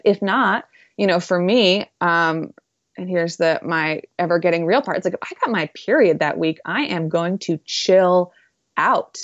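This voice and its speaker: A woman's voice: on the low side, unhurried, dry recording, muffled recording. A woman speaking as an interview guest, earnest and reflective, with many fillers. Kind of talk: conversational interview.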